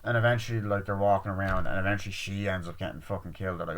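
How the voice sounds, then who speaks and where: A man's voice: medium pitch, fast. Man retelling a film casually. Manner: retells scenes acting out shouted, swearing quotes; rambling with many fillers. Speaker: movie reviewer. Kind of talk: casual spoken film review.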